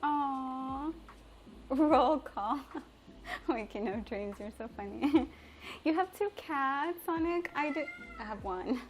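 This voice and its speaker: A woman's voice: sits high, lively intonation, takes it slowly, long pauses, slight background noise. A young woman from Mexico, a native Spanish speaker, chatting casually with viewers on a livestream from her home kitchen, bubbly and giggly. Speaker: livestreamer and chef. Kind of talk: casual livestream chat reading comments.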